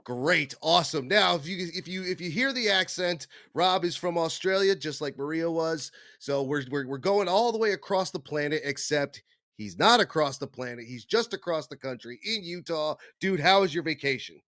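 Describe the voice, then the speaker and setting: A man's voice: fairly high pitch, animated, normal speed, a bit bright, no echo, clean studio sound. A man hosting a casual podcast, rambling and joking at his own expense. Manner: jokey, rambling, self-deprecating. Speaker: podcast host.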